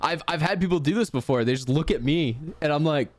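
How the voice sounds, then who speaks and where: A man's voice: fairly high pitch, fairly quick, dry recording. A young man hosting a podcast in casual chat, laid-back, laughing easily and swearing freely. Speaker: podcast host.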